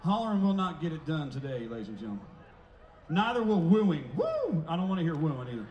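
High-voiced frontman hyping a festival crowd. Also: sing-song, fast talker, muffled recording, slight background noise. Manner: showman firing up a crowd, loud and playful. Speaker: band frontman. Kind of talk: stage banter at a live concert. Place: outdoor festival stage. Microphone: stage microphone through a PA. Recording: echoey live festival PA sound.

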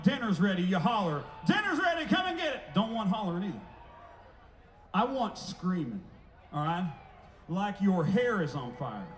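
High-voiced frontman hyping a festival crowd. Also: slight background noise. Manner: showman firing up a crowd, loud and playful. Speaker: band frontman. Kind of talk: stage banter at a live concert. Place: outdoor festival stage. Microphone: stage microphone through a PA. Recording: echoey live festival PA sound.

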